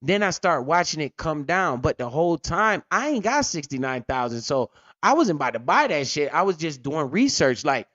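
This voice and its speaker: A man's voice: fairly high pitch, very animated, moderate pace, fairly bright tone, no echo, muffled recording. A man hosting a casual crypto livestream, telling stories animatedly with lots of slang and swearing. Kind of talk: casual profane livestream talk.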